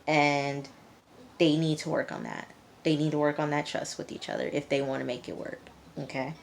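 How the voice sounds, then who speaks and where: A woman's voice: deep voice, fairly even intonation, moderate pace, vocal fry, a little hiss or hum. A young woman reviewing a TV episode for her viewers, chatty and candid, addressing them as y'all. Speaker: TV review vlogger. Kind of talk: casual chat to viewers.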